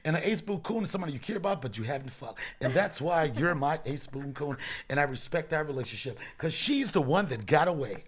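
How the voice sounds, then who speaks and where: A middle-aged man hosting a comedy podcast, brash, profane and joking, often slipping into a loud hype voice. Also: a little high, lively intonation, fairly quick, husky. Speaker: podcast host.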